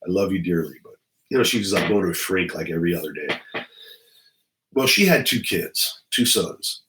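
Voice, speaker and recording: Middle-aged man, deep low voice, cussing freely, rambling storyteller. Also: lively intonation, normal speed, pushed and bright, poor audio. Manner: blunt, profane storytelling. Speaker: retired police officer vlogger. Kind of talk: casual rambling monologue.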